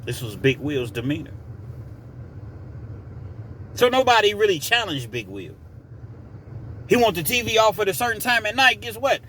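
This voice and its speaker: A man's voice: sits high, very animated, moderate pace, long pauses, fairly bright tone, slight background noise. A man casually telling a story from his prison days in a conversational, digressive way.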